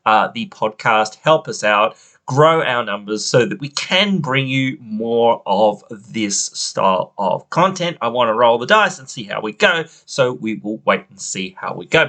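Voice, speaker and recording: Aussie guy ranting on his podcast, rambly and fed up, mid-pitched voice. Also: a bit bright. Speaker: podcast host. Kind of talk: casual opinion podcast.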